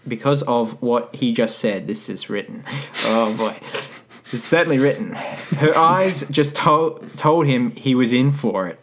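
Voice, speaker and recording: A man casually reading a story aloud, breaking off for wry, deadpan comments. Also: medium pitch, measured pace. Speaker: podcast co-host reading fan fiction.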